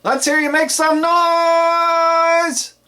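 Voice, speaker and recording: A man's voice: very high voice, level tone, voice pushed up, exaggerated voice. A man putting on the voice of an enthusiastic wedding MC, stretching out his announcements so they build up. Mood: hyped. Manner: drawn-out, building announcer shouts. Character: booming enthusiastic adult male wedding MC. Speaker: DJ demonstrating announcements.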